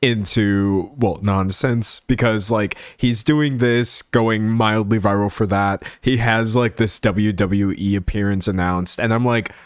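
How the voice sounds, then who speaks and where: A young man from the American South, hosting a live stream and commenting in an animated, sarcastic way, often breaking into laughs. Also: lowish voice, measured pace, hardly any pauses, smooth, no echo, studio quality. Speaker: livestream commentator.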